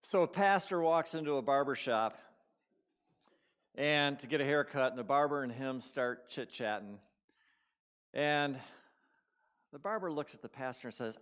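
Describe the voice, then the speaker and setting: A man's voice: medium pitch, lively intonation, normal speed, long pauses, a bit bright. Man preaching in a storytelling way. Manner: conversational storytelling, questions to the congregation. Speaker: guest speaker at a spiritual community. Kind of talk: sermon.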